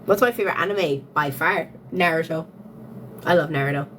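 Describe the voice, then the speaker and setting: A young Irish woman livestreams casually, answering her chat in a low-pitched, fairly quick voice with a fairly bright tone. She's giggly, breaking into laughter often and repeating phrases as she thinks aloud. There's a little hiss or hum on the audio.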